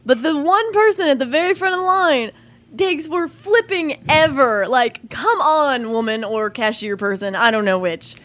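Woman, high voice, very lively pitch, rambling casual storytelling, laughs a lot. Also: moderate pace. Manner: rambling, animated, laughs often.

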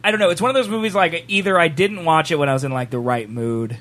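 A man's voice: on the high side, quick pace, fairly bright tone. A man casually chatting with a co-host about a movie trailer, joking and laughing often. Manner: laughing, jokey, puts on silly fake British accents. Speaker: podcast co-host.

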